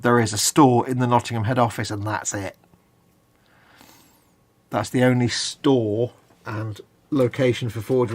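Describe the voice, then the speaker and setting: A man talks casually on a live hobby stream, explaining things at length. He hedges and restarts as he goes, in a voice of ordinary pitch. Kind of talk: casual chat.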